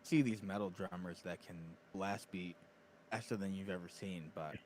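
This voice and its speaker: Low-voiced man chatting on a podcast. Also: fairly even intonation, normal speed, a little hiss or hum. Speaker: podcast co-host. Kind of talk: casual chat.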